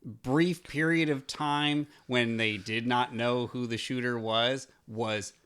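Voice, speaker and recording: A man's voice: medium pitch, steady tone, slow, a bit bright, clear, resonant tone. Wry, joking male podcast co-host. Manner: wry, joking, laughs often. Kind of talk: casual podcast banter.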